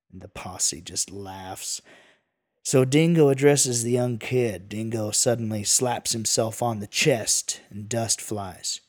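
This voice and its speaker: A man's voice: fairly low pitch, slow. A man narrating a western tale in a folksy, casual manner with asides. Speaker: storyteller.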